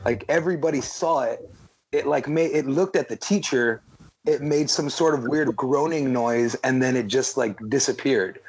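A man's voice: medium pitch, normal speed, breathy edge, rough recording. A man in a casual podcast chat, rambling with lots of fillers and freely swearing. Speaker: podcast panelist.

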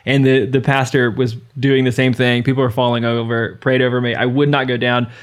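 A man's voice: mid-range voice, little pitch movement, a little fast. A man in his thirties co-hosting a casual podcast, joking wryly and telling a story. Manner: wry, joking, conversational. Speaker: podcast co-host. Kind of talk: casual chat.

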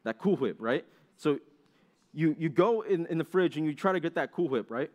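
A man's voice: fairly high pitch, sing-song, normal speed. A young man giving a sermon to young listeners. He talks conversationally, asks them questions and briefly acts out complaining voices.

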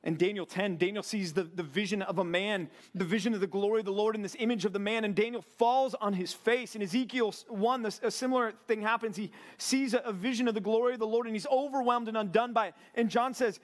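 Man preaching, fairly high voice, earnest sermon to a men's group. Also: steady tone, fast, hardly any pauses. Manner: earnest preaching, swings between loud emphatic bursts and quiet low asides. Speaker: pastor. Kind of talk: sermon to a men's Bible study.

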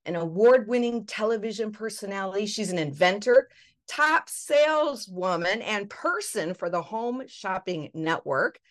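A woman's voice: medium pitch, expressive, a little slow. A woman hosting a podcast interview, giving upbeat, effusive introductions. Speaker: podcast host.

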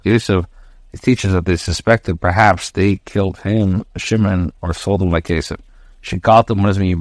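A rabbi with a fairly low voice teaches a daily scripture lesson. He reads out a Hebrew phrase, pauses, then translates and explains it in unhurried steps. The sound is dry and close, with no room echo.

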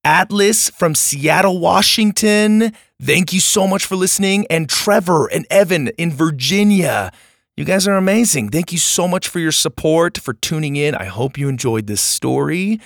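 A man's voice: a little high, lively intonation, moderate pace, vocal fry, fairly bright tone, no echo, clean studio sound. A man hosting a podcast, chatting casually with listeners in an upbeat, gushing way as he thanks them. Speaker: podcast host. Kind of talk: casual outro chat with listeners.

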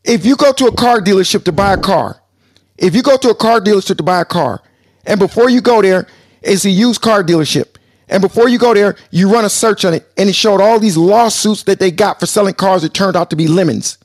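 A man with a high-pitched voice argues hard on a live panel, repeating his phrases and talking over the others. The sound is dry and close, with no room around it. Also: brisk, dry recording. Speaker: host. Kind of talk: heated panel debate.

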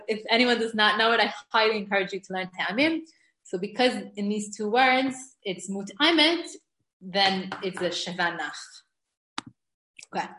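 A woman's voice: mid-range voice, a bit bright. A middle-aged woman teaching a recorded lesson on Hebrew grammar, explaining rules eagerly and reading verses aloud. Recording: echoey room.

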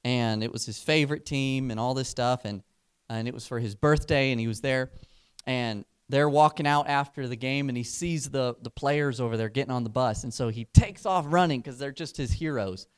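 Male preacher, mid-pitched voice, lively storyteller who slows down to land his points. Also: clean tone. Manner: animated, building excitement in the story; slows down and softens for emphasis. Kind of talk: sermon with storytelling.

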